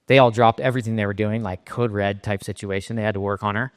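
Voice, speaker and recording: A middle-aged man from Southern California giving a keynote talk, telling a personal story in a halting, emotionally raw way with frequent restarts. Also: fairly low pitch, fairly even intonation. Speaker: keynote speaker. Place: conference stage in a large hall. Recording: reverberant hall sound.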